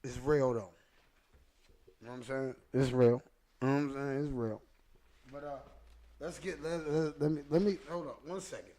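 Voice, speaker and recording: A man's voice: medium pitch, steady tone, normal speed, long pauses, warm tone. A man hosting a podcast, telling an emotional personal story in street slang and repeating phrases for emphasis, choked up at times. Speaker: podcast host.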